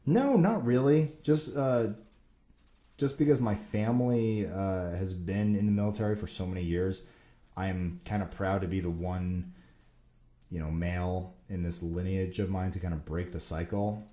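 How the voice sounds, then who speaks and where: Working through viewer questions on his casual question-and-answer show, this host rambles with enthusiasm and plenty of fillers. The man's voice is low and mellow at a measured pace, heard in a recording with a roomy echo.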